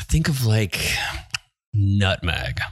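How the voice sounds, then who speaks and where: A man co-hosting a podcast, chatting casually in a relaxed, joking and teasing way. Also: fairly low pitch, extremely slow, slightly rough. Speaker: podcast co-host. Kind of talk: casual chat.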